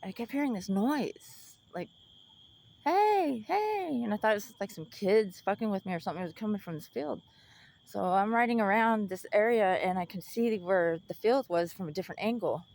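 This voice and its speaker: A woman's voice: mid-range voice, brisk, a little mellow. A young woman telling a personal story in casual chat, blunt and full of swearing, laughing often.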